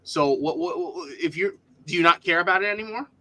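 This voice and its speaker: A man chatting as a guest on an online talk show, animated and apologetic, his voice jumping high when excited. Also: fairly quick. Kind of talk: casual podcast chat.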